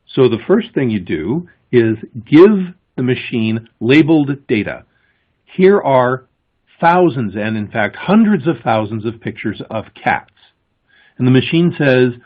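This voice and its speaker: A man giving a conference presentation, explaining with emphasis and pausing before key words. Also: mid-range voice. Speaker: conference speaker. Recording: thin, phone-like lo-fi audio.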